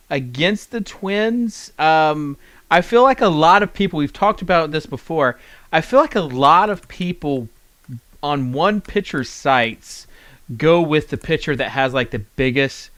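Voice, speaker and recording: A man's voice: fairly high pitch, a bit bright, clear, resonant tone, no echo. A man hosting a fantasy baseball chat, playful and casual, sometimes searching aloud for words.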